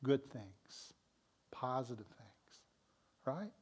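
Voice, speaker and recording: A male minister delivering a sermon at an unhurried, measured pace. His voice sits at an ordinary pitch and his manner is gentle and encouraging. He speaks in a church sanctuary. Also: lively intonation, breathy edge.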